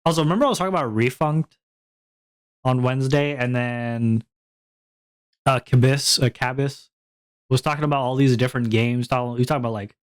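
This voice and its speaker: A man streaming alone in easy, loose chatter, wandering between topics with plenty of self-mocking laughs. His voice sits at an ordinary middle pitch for a man, and he talks like a VTuber chatting straight to his viewers. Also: clean tone. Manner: rambling and self-deprecating, laughs often. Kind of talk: casual solo stream chat.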